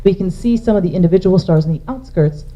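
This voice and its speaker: Speaking quickly in a warm, fairly low voice, a woman astronomer presents a public science lecture. She guides the audience through her slides step by step, captured in a dull, lo-fi recording.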